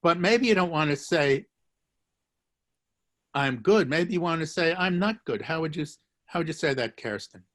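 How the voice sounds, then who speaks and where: A man's voice: fairly high pitch, brisk, hardly any pauses, fairly bright tone. A man teaching a live online language lesson, joking, encouraging and repeating phrases for his students. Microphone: video call.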